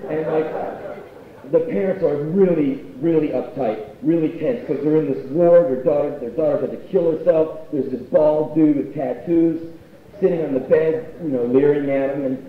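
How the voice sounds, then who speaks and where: Another spoken-word story comes from a man whose voice sits on the high side, delivered at a moderate pace, blunt, profane and conversational. He performs live in a university union hall, heard on a dull, echoey tape from afar.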